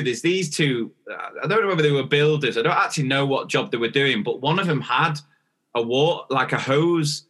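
Bright-voiced chatty man. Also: fairly high pitch. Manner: chatty storytelling, acts out dialogue. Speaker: podcast co-host. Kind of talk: casual chat.

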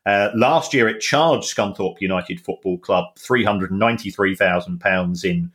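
A man's voice: low-pitched, normal speed, fairly bright tone. A man co-hosting a podcast, explaining football club finances in a casual, hesitant way with many ums and restarts. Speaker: football finance expert and co-host.

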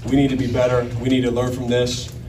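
A man's voice: medium pitch, completely flat delivery, quick pace, far from the mic, background noise. A man, a basketball coach, talking earnestly at a postgame press conference.

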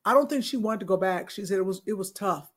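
Woman co-host, relaxed, conversational, supportive. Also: medium pitch, quick pace. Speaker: podcast co-host. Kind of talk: casual chat.

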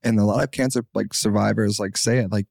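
A young man in his twenties chatting casually as a podcast guest, rambling with lots of "like" and getting animated when he quotes people. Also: fairly low pitch, fast, creaky, no room sound, clean studio sound. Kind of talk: casual chat.

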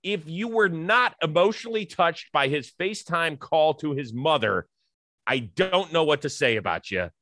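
A man hosting a sports talk show, chatty and emphatic, quick to joke. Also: fairly high pitch, lively intonation, a bit bright, slight background noise.

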